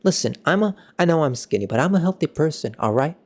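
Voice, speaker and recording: A young man giving a casual football match reaction, excitable and ranting, with sudden jumps in pitch. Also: quick pace. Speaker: football fan vlogger.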